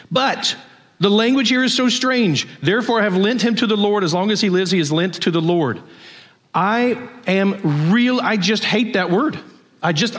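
A man preaching a conversational sermon, telling stories and asking the congregation questions. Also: sits high. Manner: storytelling, conversational, asks the audience questions. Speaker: pastor.

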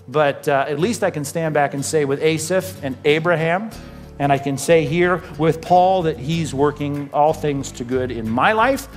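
A male pastor preaching a sermon, emphatic, with rhetorical questions and repeated phrases. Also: fairly high pitch.

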